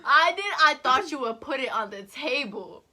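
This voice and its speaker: A young woman vlogger telling a story to the camera in a lively, animated way. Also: high voice, normal speed. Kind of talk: casual storytelling chat.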